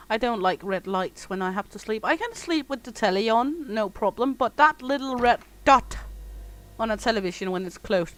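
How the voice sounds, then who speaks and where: A woman's voice: a little high, expressive, normal speed, fairly bright tone, low-quality recording. A woman streaming a simulation game, chatting casually and jokingly with her viewers. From Denmark. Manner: chatty, joking, reads chat aloud. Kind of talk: casual chat with viewers while gaming.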